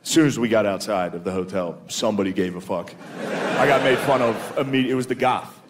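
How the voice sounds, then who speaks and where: A man's voice: lowish voice, fast talker. A man in his thirties doing a stand-up comedy set, telling loose, profane, self-mocking stories on a comedy club stage. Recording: live club set with crowd noise. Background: audience laughter.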